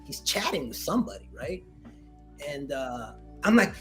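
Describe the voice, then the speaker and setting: A Marine veteran telling a story in a casual interview, slangy and animated, acting out what people said to him. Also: male voice, a little high, normal speed, faint music behind. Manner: animated retelling, slangy, acts out quoted dialogue.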